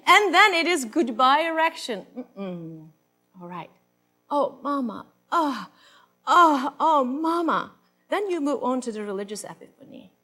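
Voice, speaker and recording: A woman's voice: sits high, big pitch swings, normal speed, pushed and bright, faint music behind, exaggerated voice. A woman on stage playing a brash, worldly woman who coaches other ladies, with theatrical moans and a bossy, instructing manner. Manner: theatrical, swooping moans and sighs. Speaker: stage performer. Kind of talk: live comic monologue reading.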